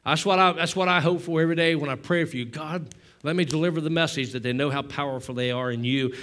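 A middle-aged male pastor delivering a sermon, exhorting the congregation in a repetitive preaching cadence that builds to loud fervor. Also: on the high side, fast talker. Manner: self-deprecating asides to the congregation.

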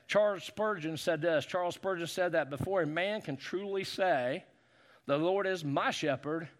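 Male pastor, high-pitched, fervent sermon delivery with call-and-response. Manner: preachy call-and-response, building to shouts.

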